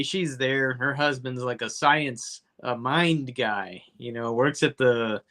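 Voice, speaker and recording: A man with a bright, forceful voice recapping a film for a comedy podcast. He rambles, swears freely and keeps breaking off for jokey asides. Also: mid-range voice. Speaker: podcast co-host. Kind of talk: casual comedy movie review.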